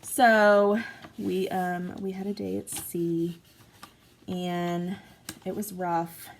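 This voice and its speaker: A woman's voice: lowish voice, flat delivery, drawn-out words, a little hiss or hum, low-quality recording. A woman in her forties, a mom chatting casually and rambling through a story while crafting at home. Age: 40s. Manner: chatty, rambling, self-mocking.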